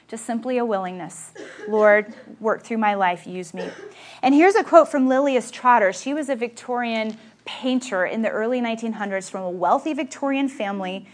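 A woman's voice: fairly high pitch, lively intonation, fairly quick, few pauses. A woman preaching an earnest, emphatic sermon full of rhetorical questions. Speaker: speaker at a Christian gathering.

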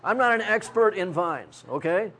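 Older man for a pastor role, high-pitched, folksy sermon delivery. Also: lively intonation, moderate pace, pushed and bright. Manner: folksy, self-mocking, with prop demonstrations.

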